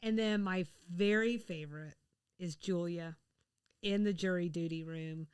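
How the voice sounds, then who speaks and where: Chatty woman with a smooth voice. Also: lowish voice, measured pace, a little mellow. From the American South. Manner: chatty, laughs often, rambling restarts. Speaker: podcast co-host. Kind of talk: casual chat.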